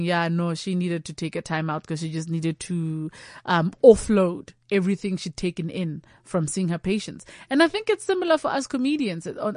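A woman's voice: lowish voice, no echo, clean studio sound. A woman comedian talking candidly and animatedly. She often slips into quoted voices and imagined dialogue, and restarts her sentences as she goes. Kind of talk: candid conversational chat.

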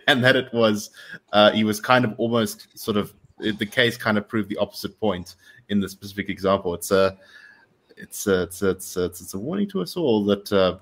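A man's voice: fairly low pitch, normal speed. A man in casual conversation, laughing easily and speaking loosely. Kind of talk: casual chat.

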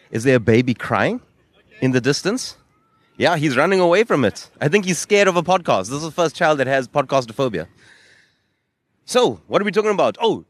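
A man's voice: mid-range voice, a bit bright, no echo. A South African man hosting a podcast, joking and bantering with passers-by on a seaside promenade into a handheld mic. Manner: jokey, playful banter. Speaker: podcast host. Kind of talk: casual street interview. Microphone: handheld microphone.

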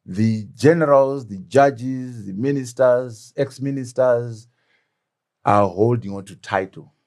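A man's voice: medium pitch, slow, darkish tone. A middle-aged man from Zimbabwe, a former deputy prime minister, speaking as an interview guest, emphatic and fond of rhetorical questions. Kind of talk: animated political interview.

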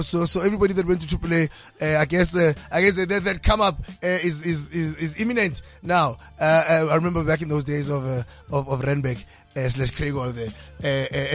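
A man hosting a podcast in a studio, talking in an energetic, slangy, rambling way. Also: fairly high pitch. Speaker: podcast host. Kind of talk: casual podcast chat. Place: radio studio.

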